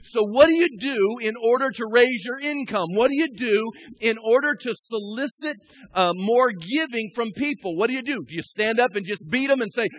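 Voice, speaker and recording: Male pastor in church: high voice, chatty sermon with questions to the room, swells to loud emphatic preaching. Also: expressive, normal speed, dry recording. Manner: conversational, asks the congregation questions, builds to loud emphatic preaching. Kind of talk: live sermon. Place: church sanctuary.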